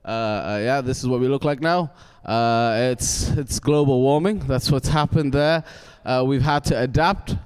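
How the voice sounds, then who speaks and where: A man's voice: medium pitch, measured pace, darkish tone, smooth, in a large hall. A young man from Wales doing a stand-up comedy set on a theatre stage, ranting in a cantankerous way with stammered restarts and questions to the crowd. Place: theatre stage before a live audience.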